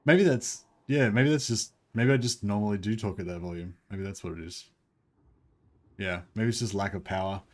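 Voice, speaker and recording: An Australian man streams a game from his home desk, his voice a little low and tired. He talks quietly and mumbles between thoughts, sounding sore and worn out. His microphone sits on a desk stand behind the keyboard. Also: moderate pace. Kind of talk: casual livestream chat.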